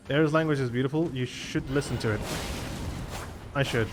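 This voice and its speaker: A man's voice: medium pitch, moderate pace, pauses often, a little hiss or hum. A man from the Canary Islands with a Spanish accent and Spanish as his native tongue, chatting casually in English while streaming a game and often restarting his words. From Canary Islands, Spain. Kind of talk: casual live gameplay chat.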